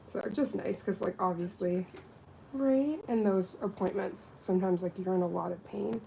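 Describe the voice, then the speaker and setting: Working on nails during a livestream, this woman chats away casually and brings quoted voices to life. Her medium-pitched voice has vocal fry and a moderate pace, while the low-quality recording carries a little hiss or hum.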